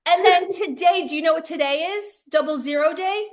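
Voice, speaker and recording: Bubbly high-voiced woman in casual chat. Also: fairly quick. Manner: chatty, laughs often, acts out quoted voices. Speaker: co-host.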